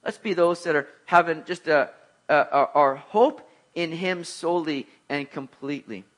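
Man, pastor, sermon, bright forceful voice, slightly high, conversational, jokey, emphatic. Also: normal speed. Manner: conversational, joking, rising to emphatic exhortation.

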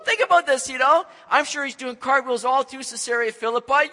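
Animated male preacher, swings loud to soft, high bright voice, long hall echo. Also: fairly quick, hardly any pauses. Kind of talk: sermon. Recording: echoey hall.

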